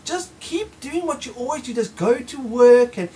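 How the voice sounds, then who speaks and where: A man putting on a high, sugary, patronizing official. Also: animated, normal speed, warm tone, rough recording. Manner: falsely soothing, sing-song, talking down. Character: patronizing male official soothing the public.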